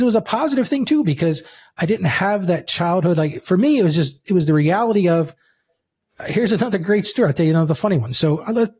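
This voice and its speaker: A man telling a personal story in a lively, casual way as a guest, calling the listener "dude". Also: high-pitched, slightly rough, lo-fi sound. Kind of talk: animated storytelling.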